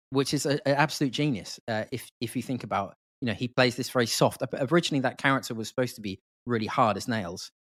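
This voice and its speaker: A man, a podcast guest, explaining a film in a lively, talkative way. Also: mid-range voice, no room sound, studio quality. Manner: animated, explanatory, quotes lines from the film. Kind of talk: casual film discussion.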